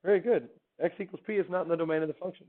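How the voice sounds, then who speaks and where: A man's voice: on the high side, fairly even intonation, rapid-fire. Upbeat man teaching a class, phone-quality sound. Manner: upbeat, quizzing students with questions. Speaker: math teacher. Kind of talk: classroom lecture.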